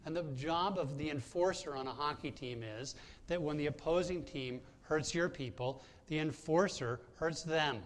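A man's voice: on the high side, moderate pace. A man preaching a sermon as pastor, telling a personal story in a conversational way with frequent hesitations and restarts.

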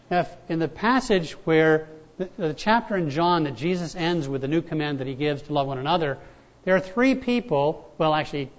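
A man preaching a relaxed, conversational sermon, his voice sitting a little high for a man. He repeats his key words for weight and tells stories in a chatty way. The recording sounds dull and lo-fi. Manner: conversational, storytelling preacher with repetitions. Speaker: pastor.

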